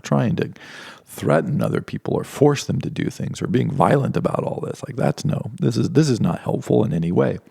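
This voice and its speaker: A man's voice: mid-range voice, vocal fry, warm tone, slightly rough, dry recording, clean studio sound. A middle-aged man giving an informal lecture, rambling with many restarts and playfully acting out imagined speakers.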